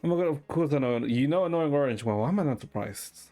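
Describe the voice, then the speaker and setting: A man streaming and chatting casually with a deadpan manner, swearing often. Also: mid-range voice, quick pace, faint music behind.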